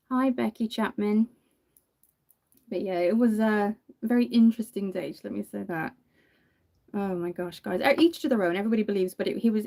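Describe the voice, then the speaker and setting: Doing her makeup on camera, a woman from Ireland in her thirties tells stories in a relaxed, chatty way and laughs often. She's a makeup vlogger with a warm, medium-pitched voice.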